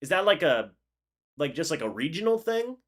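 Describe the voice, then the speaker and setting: Young guy live streaming a football game, kinda high voice, calls plays, reads chat, gets hyped. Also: big pitch swings, moderate pace. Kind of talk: live game reaction with play-by-play and chat replies.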